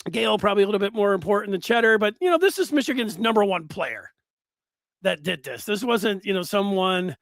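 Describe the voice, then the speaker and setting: Guy doing a solo sports talk show, kinda high voice, rambles, lots of uhs and restarts, dry sound. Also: fairly quick, gravelly, dry recording. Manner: rambling, animated, many fillers and restarts.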